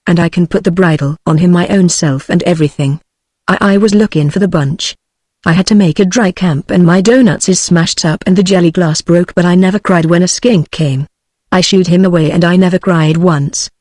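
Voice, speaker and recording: A woman's voice: fairly low pitch, moderate pace, a little mellow, dry recording, clean studio sound. A synthetic female text-to-speech voice reading the lines of a boastful six-year-old cowboy boy with a swaggering backcountry drawl.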